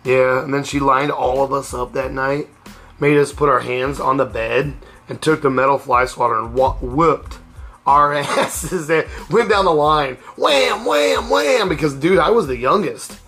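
With soft music underneath, a middle-aged podcast host shares stories casually in a sharp, medium-pitched voice, his intonation fairly even and his pace moderate. He rambles candidly and frequently starts over.

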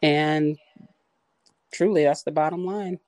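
A woman co-hosting a podcast, talking earnestly in a halting, filler-heavy way. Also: low-pitched, fairly even intonation, darkish tone, dry recording. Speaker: podcast co-host. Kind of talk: casual discussion.

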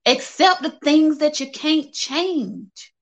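A woman hosts a relaxed livestream and answers viewer comments in an open, chatty way, laughing often. Her voice is bright and sits a little high. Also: takes it slowly, dull audio. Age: adult, working age. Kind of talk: casual livestream chat.

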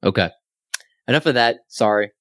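A man's voice: medium pitch, moderate pace, fairly bright tone, no echo. A man hosting a fantasy sports podcast on his own, talking upbeat and casual with self-deprecating asides. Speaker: podcast host. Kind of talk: solo sports podcast chat.

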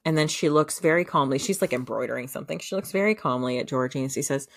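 On a podcast, a woman with a very deep voice casually recaps a show's plot, talking quickly with few pauses. She rambles, leans heavily on filler words, and laughs as she goes. The recording is clean studio sound with no echo.

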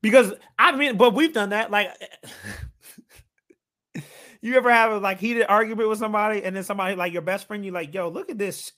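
Male podcast co-host, casual, animated storyteller who laughs a lot. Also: high-pitched, a little fast. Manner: animated, laughing while retelling. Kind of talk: casual chat.

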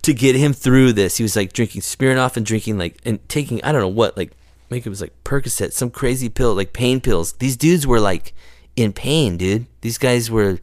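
A man's voice: medium pitch, moderate pace, darkish tone, dry recording, studio quality. A man telling stories in casual chat, rambling and slangy, full of asides. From California. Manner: laid-back, rambling storyteller with slangy asides. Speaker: skate photographer guest.

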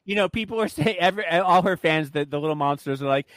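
A sassy man dishes on films in a gossipy chat and laughs easily. His voice is slightly high. The recording is dry and close. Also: quick pace, a bit bright, no echo. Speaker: podcast co-host. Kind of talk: casual pop-culture chat.

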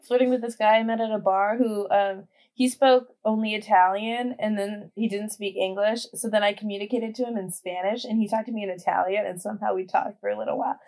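A woman's voice: medium pitch, steady tone, fairly quick, a little mellow, slight background noise. Young woman podcast guest, casual, filler-heavy storyteller. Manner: chatty, heavy use of "like" fillers. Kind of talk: casual chat.

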